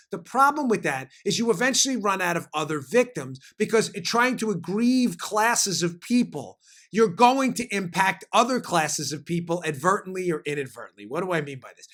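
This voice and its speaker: A man hosting a political commentary podcast, talking in an animated, emphatic way with frequent fillers. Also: high-pitched. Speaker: podcast host.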